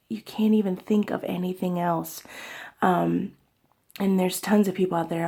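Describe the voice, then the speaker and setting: A young woman talking in an emotional personal vlog, halting and tearful, with many fillers and soft whispered stretches. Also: on the low side, creaky. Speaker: vlogger.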